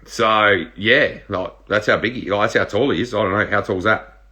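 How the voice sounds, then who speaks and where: An Australian man in his thirties, casually reading viewer questions out loud and answering them in a laid-back, joking way. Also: lowish voice, normal speed. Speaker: reality show contestant answering live viewer questions. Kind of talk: casual live-stream Q&A.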